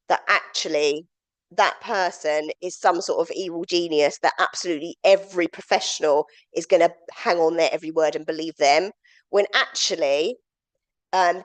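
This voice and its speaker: A woman leading a domestic abuse awareness training session, explaining steadily with frequent ums. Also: on the low side. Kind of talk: training talk.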